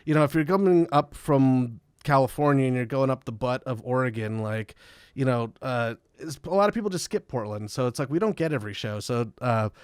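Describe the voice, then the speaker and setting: A man's voice: medium pitch, fairly quick, clear, resonant tone, no echo, clean studio sound. A man guest on a podcast, telling rambling, profane tour stories in casual chat and laughing often. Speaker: podcast guest, metal musician.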